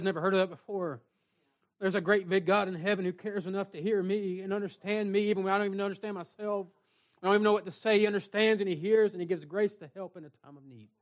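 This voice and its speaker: A man with a notably high voice preaches an earnest sermon to a small church congregation. He moves between plain talk and reading scripture in old-fashioned wording. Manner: earnest preaching, reads scripture aloud in King James wording. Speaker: pastor.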